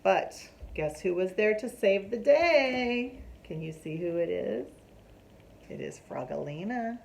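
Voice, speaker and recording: A woman reading a picture book aloud to children in an animated way, stopping to ask them questions. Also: medium pitch, slow, vocal fry, a little hiss or hum, rough recording.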